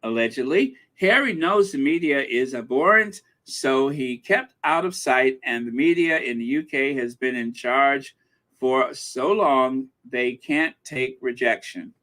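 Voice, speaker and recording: A man's voice: mid-range voice, measured pace, pushed and bright. A man hosting a gossip commentary video, talking in a sarcastic, indignant way. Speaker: commentary channel host.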